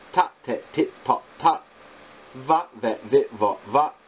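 A male English teacher reciting phonics sounds and words one at a time in a deliberate, clipped drill. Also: medium pitch, slightly rough.

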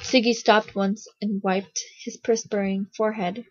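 A woman reads a children's chapter book aloud in a steady storytelling way. Her voice is husky and breathy, close-miked and dry. The recording sounds a little dull and lo-fi. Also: medium pitch, measured pace, no echo. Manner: steady storytelling, small slips. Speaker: reader, narrator. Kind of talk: reading a children's novel aloud.

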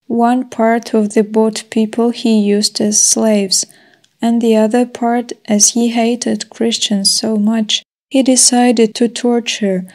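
Slow, flat-voiced woman reading a sermon. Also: on the high side. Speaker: voice-over translator of a sermon. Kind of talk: slow read translation of a sermon.

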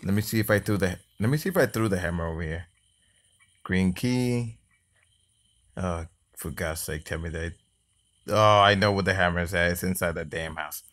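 A man with a low, deep voice talks through a mobile game he is playing, in loose, casual commentary. He sounds exasperated, grumbles and curses at the game, and now and then mocks the enemy. It is picked up on a phone microphone. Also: normal speed, long pauses, fairly bright tone. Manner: taunts the game enemy mockingly. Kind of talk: casual let's-play commentary. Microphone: phone screen-recorder mic.

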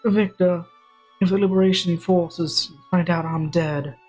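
Dying Southern belle rebel leader, game dub style, husky and earnest, voiced by a streamer. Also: medium pitch, fairly even intonation, a little slow, darkish tone, soft background music, voice pushed up. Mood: solemn. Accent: put-on American Southern.

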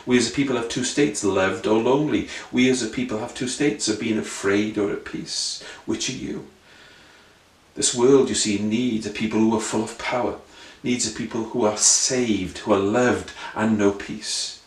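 A man's voice: on the low side, steady tone, normal speed. A man preaching an earnest sermon full of rhetorical questions and repeated phrases. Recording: roomy sound, voice from a distance.

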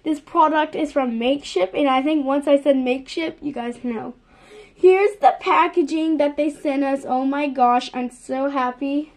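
A young woman filming a casual unboxing vlog, gushing and excitable, piling up "literally" and "so excited". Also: high-pitched, normal speed. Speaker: vlogger.

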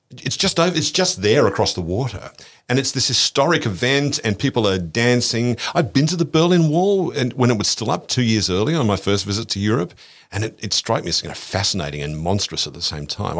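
Low-voiced older Australian man telling stories. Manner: animated, acts out voices in anecdotes, frequent restarts. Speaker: interview guest. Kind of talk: storytelling interview.

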